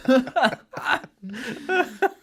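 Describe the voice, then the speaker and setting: A man's voice: extremely high pitch, sing-song, very slow, a bit bright, breathy edge. Chatty male podcast co-host. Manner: chatty, hesitant with fillers, breaks into playful voices. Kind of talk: casual chat about films.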